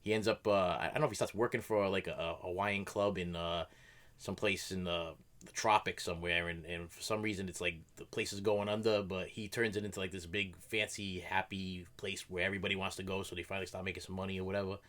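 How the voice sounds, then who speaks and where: Low-voiced rambling man, fast talk. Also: fairly even intonation, a bit bright. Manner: rambling, many fillers and restarts. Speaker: react video host. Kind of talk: casual chat.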